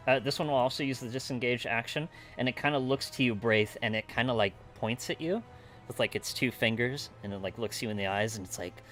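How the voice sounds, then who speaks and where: A man's voice: medium pitch, brisk, fairly bright tone, soft background music. A man running a tabletop game as game master, narrating in a loose, rambling way with many fillers. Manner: loose and rambling, full of "uh" and "kinda like".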